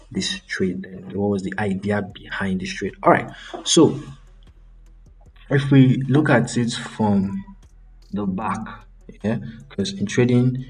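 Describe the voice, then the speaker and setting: A man's voice: lowish voice, husky. A young man hosting a trading channel, casually talking through a live screen-share trade breakdown with frequent ums and self-corrections.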